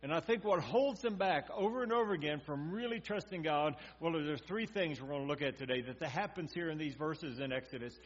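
A man's voice: on the high side, brisk, few pauses. Man preaching, muffled with hum. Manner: conversational preaching, acts out quotes, drops to quiet intensity. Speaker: pastor. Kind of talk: sermon. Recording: dull muffled sound with mains hum.

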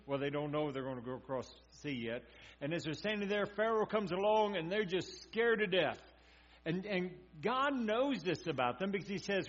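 A man preaching a sermon, talking like a conversation, acting out quotes and dropping to a quiet intensity. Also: high voice. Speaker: pastor. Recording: dull muffled sound with mains hum.

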